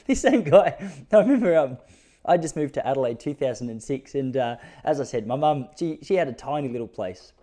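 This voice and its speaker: Aussie bloke podcasting solo, warm mellow tone, easygoing yarn-telling. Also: male voice, expressive, moderate pace. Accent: Australian. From Australia. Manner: laid-back, self-mocking, jumps to high-pitched disbelief when telling jokes. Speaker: podcast host. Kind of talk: casual storytelling monologue.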